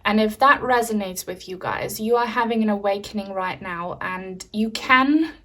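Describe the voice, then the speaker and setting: A woman with a German accent, speaking in a calm, soothing way as she hosts a pick-a-card tarot reading, with frequent ums. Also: mid-range voice, moderate pace. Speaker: tarot reader.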